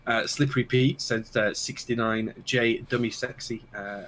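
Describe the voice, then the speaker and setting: A man's voice: mid-range voice, steady tone, moderate pace, fairly bright tone, a little hiss or hum, poor audio. A man co-hosting a casual livestream chat while sick, friendly and jokey, thanking viewers often. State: sick, under the weather. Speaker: co-host.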